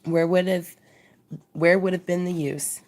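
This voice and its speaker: A woman reading the lines of a gentle young daughter about to be married. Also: fairly low pitch, fairly even intonation, unhurried, lightly acted. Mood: tender. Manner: gentle, affectionate. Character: young bride-to-be, tender daughter.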